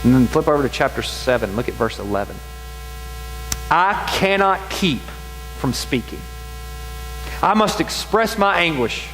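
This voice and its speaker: A man preaching a sermon, reading scripture aloud with passionate, dramatic emphasis and slow, stretched-out phrases. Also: on the high side, animated, a bit bright. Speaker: pastor. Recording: long hall reverb with faint music and hum.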